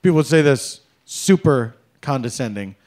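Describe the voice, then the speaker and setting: A middle-aged man performing a stand-up comedy set on a club stage, with an animated, exaggerated, mock-polite delivery. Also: mid-range voice, normal speed.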